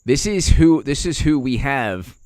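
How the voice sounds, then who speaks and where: A man's voice: medium pitch, lively intonation, measured pace, a little mellow, dry recording, studio quality. Sarcastic man ranting about politics. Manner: sarcastic, repetitive, incredulous. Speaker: political commentator. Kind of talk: casual political rant.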